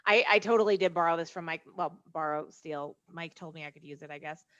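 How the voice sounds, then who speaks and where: A woman sales trainer explaining her methods in a brisk, confident manner during a casual online conversation. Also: low voice, a bit bright, no echo. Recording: dull dry lo-fi call audio.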